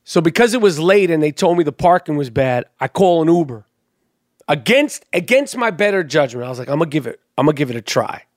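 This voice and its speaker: A man's voice: a little high, sing-song, fast talker, no room sound, clean studio sound. A man hosting a podcast, telling stories in casual chat, heated and full of swearing. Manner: profane, heated storytelling. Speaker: podcast host.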